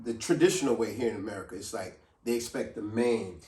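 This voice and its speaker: A man hosting a casual advice talk, lively, who acts out quoted people in a raised voice. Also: fairly low pitch, fast talker, distant mic. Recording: roomy sound from off the mic.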